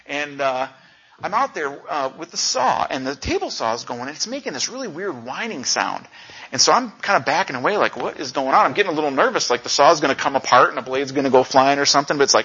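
A middle-aged man preaches in a chatty, animated way, acting out the voices in his stories. His tone is bright and slightly high, and the recording sounds dull and lo-fi. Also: husky. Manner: animated storyteller, acts out quotes. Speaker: pastor. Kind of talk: conversational sermon.

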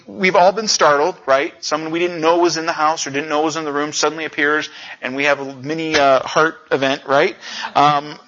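A middle-aged man preaches in a chatty, animated way, acting out the voices in his stories. His tone is bright and slightly high, and the recording sounds dull and lo-fi. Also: brisk. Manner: animated storyteller, acts out quotes. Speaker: pastor. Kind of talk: conversational sermon.

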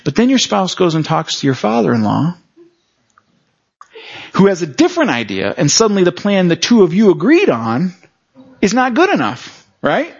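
Male pastor with a somewhat high voice, giving a chatty sermon full of quick audience check-ins, captured on muffled, lo-fi audio. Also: wildly swooping pitch, gravelly, slightly rough. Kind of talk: conversational sermon. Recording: dull lo-fi recording.

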